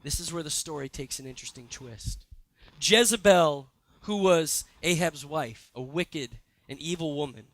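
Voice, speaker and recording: A young man preaching a sermon, retelling a story with lively asides and quoted lines. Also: on the high side, normal speed. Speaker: pastor. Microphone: handheld or stage mic.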